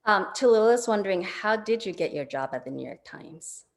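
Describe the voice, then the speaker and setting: A woman's voice: medium pitch, expressive, normal speed. A woman librarian reading out students' questions to a guest, keeping it brief. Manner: brief, reads questions aloud. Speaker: school librarian and moderator.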